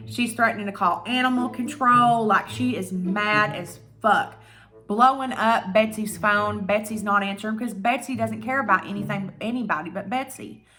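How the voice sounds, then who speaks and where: A young woman with a bright, forceful voice rants through a storytime vlog, animated and freely swearing. A little music plays faintly underneath her. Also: medium pitch, normal speed. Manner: animated, profane and ranting. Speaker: YouTuber.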